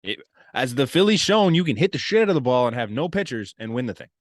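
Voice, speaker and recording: Male podcast co-host, opinionated and lively, dry close mic. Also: mid-range voice, fast talker, no echo. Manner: blunt and opinionated, laughs often. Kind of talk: casual sports chat.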